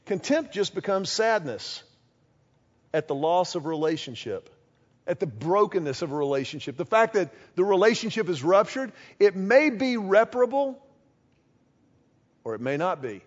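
A high-pitched male pastor delivers a sermon with a voice that swoops all over the place. He slips into little acted-out exchanges to make his points. The sound is a bit dull and lo-fi. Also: normal speed. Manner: animated, acts out little quoted exchanges.

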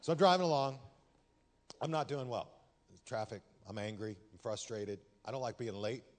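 A man from Texas, a pastor preaching a sermon in a conversational, humorous way that turns loud and animated when he tells stories. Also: mid-range voice, moderate pace. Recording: long hall reverb.

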